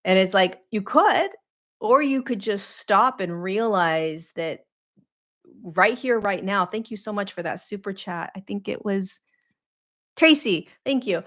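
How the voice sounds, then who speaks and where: Hosting a live Q&A session, this spiritual teacher and podcast host speaks with a mid-range, fairly bright voice at a slightly slow pace. Her tone is earnest, her rhythm a repetitive coaching cadence, and fillers crop up often.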